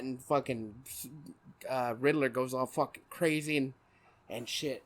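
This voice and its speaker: A man's voice: mid-range voice, fairly even intonation, slow pace. A young man hosting a podcast in casual chat, rambling with lots of swearing and laughter. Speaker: podcast host.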